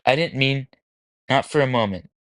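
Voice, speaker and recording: A man reading aloud gives voice to a stooped immigrant father at his wits' end. His words come ragged and sputtering, his pitch sitting in an ordinary middle range. The recording is dry and close. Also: moderate pace, fairly bright tone, no room sound, natural voice. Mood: despairing. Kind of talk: audiobook character voice.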